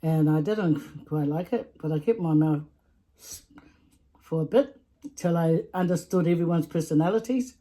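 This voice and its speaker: Speaking at a normal speed in a low, warm voice, a vlogger with a Samoan English accent eats while telling stories in a casual storytime vlog. She chats a lot, laughs frequently, and repeats herself.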